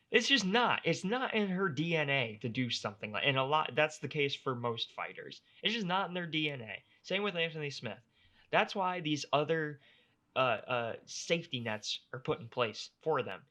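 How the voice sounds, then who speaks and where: Animated, bright-voiced young man ranting. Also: a little high. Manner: animated, exasperated ranting with profanity. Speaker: podcast co-host. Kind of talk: casual chat.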